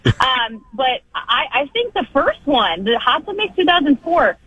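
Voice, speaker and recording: A woman in her thirties, a guest on a radio show by phone, telling stories with lively self-deprecating humor. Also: sits high, unhurried, slightly rough, dry recording, muffled recording. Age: 30s. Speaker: guest, football TV host. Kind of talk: casual radio interview by phone.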